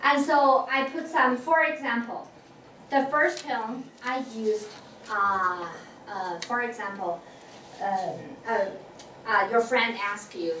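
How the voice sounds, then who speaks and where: High-voiced teacher in an echoey classroom. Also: female voice, slow pace, sharp tone. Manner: patient, repeats tones for students, many fillers. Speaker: Chinese language teacher. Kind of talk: classroom lesson. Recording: echoey room from far off, faint noise.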